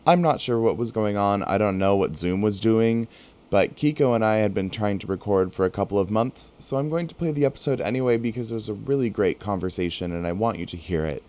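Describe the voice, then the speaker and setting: A man's voice: lowish voice, a little fast, a little mellow. A man opening a podcast episode, breezy and apologetic, on a poor-quality mic. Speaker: podcast host. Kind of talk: spoken intro to an episode.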